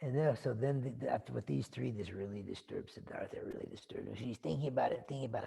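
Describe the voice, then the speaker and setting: A man's voice: mid-range voice, fast talker, vocal fry, few pauses, warm tone, slightly rough. A man giving a dharma talk who retells a story in a rambling, conversational way, full of asides and fillers. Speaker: dharma teacher.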